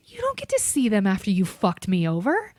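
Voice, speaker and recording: A woman's voice: mid-range voice, fairly quick, no echo, studio quality. A woman hosting a podcast and telling a story in casual chat, cursing freely and acting out what each person said. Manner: animated, profane, acts out every character in the story. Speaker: podcast host.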